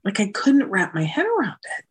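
A woman guest in an interview, telling her story with lively emphasis and acting out the dialogue. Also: medium pitch, fairly quick, slightly rough. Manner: animated, emphatic, acts out quoted dialogue. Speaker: guest, nonprofit founder.

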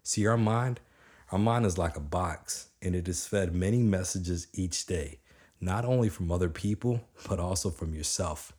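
A young man with a low, deep voice delivers a motivational talk straight to his listeners. He speaks with energy and a casual, chatty manner, hammering points home by repeating them. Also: normal speed, slightly rough. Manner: energetic, conversational, repeats for emphasis.

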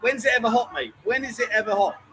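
Man, live-stream host, teasing banter, high voice, bright tone. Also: lively intonation, fast talker, low-quality recording. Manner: teasing banter, reads viewer comments aloud. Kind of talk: casual live-stream chat. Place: bar.

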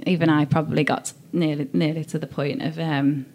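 A woman's voice: deep voice, little pitch movement, brisk. A woman with a Scouse accent, talking casually as a guest in an interview and recalling her career with plenty of fillers. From Liverpool, England. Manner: chatty, warm-hearted storytelling with many fillers. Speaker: interview guest, agency director.

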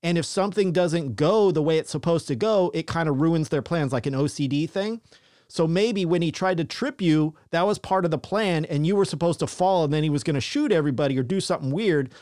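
A laid-back male host with a fairly high voice chats and theorizes about his guest's story, swearing casually. His voice sounds close and dry. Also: a little fast, darkish tone, no echo. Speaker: podcast host. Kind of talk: casual interview chat.

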